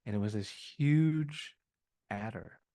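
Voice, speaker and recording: A man's voice: fairly low pitch, takes it slowly, warm tone, no room sound. A man from the American South, a podcast guest telling a story in a loose, rambling way full of filler words. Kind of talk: casual podcast conversation.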